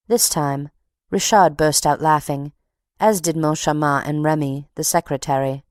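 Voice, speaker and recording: A woman narrating an audiobook in a measured, steady reading. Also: low voice, smooth, no echo, studio quality.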